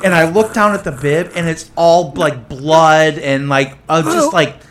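Bright high-voiced man telling a story. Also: unhurried. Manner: profane, animated storyteller, acts out both sides of dialogue. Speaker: podcast host. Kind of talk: casual storytelling chat. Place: echoey tunnel.

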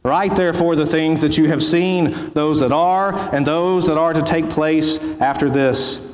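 A man preaching as pastor, reading scripture in a solemn, measured way before his sermon. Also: on the high side, steady tone. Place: church sanctuary. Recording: echoey church hall.

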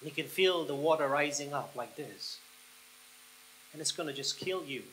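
A pastor preaches a sermon, guiding listeners through an imagined scene with slow, soft pauses that build into excited passages. His voice is a little high, and the rough recording has slight background noise.

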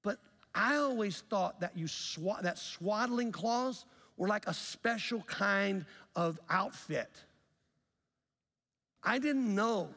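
High-voiced storytelling pastor in a reverberant church. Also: male voice, animated, takes it slowly. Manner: storytelling, acts out dialogue, swings from loud to soft. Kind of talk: sermon. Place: church sanctuary.

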